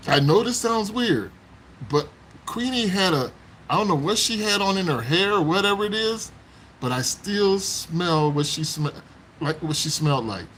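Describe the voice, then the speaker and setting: A man's voice: high-pitched, expressive, normal speed, fairly bright tone, slight background noise, low-quality recording. A man live-streaming from home on his phone, chatting with viewers and telling childhood stories, laughing often. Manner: laughs often while reminiscing. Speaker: livestream host chatting with viewers. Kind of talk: casual live-stream chat and storytelling.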